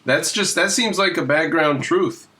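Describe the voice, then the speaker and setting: A man speaks in a casual debate call. He lays out his claims bluntly and flatly, without hedging. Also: fairly high pitch, measured pace.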